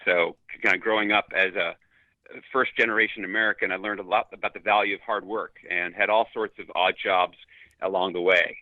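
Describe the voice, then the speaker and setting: A man, a leadership consultant, answering interview questions in a reflective, measured way. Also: sits low, steady tone, no echo. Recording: tinny phone-like line.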